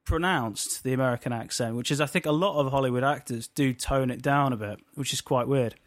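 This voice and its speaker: A man's voice: medium pitch, brisk, no echo, clean studio sound. A man chatting casually as a podcast co-host, rambling and restarting his thoughts as he goes. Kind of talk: casual chat.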